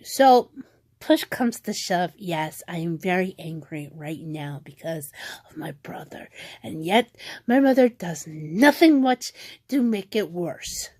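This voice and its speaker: A woman's voice: fairly low pitch, a little mellow, no echo. A woman vlogger ranting at home in a rambling, frustrated way, often restarting her sentences. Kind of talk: venting rant vlog.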